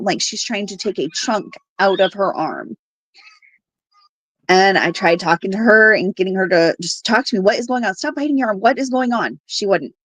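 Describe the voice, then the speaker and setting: A woman in her thirties telling her own family story on a podcast, halting often with fillers and quoting what people said. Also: medium pitch, no room sound. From Alaska. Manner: halting, with fillers and quoted dialogue. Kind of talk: personal story told on a podcast.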